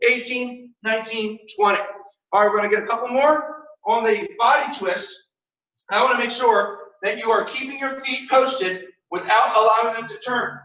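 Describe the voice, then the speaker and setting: A young man teaching a martial arts class online, firmly giving orders and counting warm-up drills aloud. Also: very high-pitched. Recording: echoey room, mic far off.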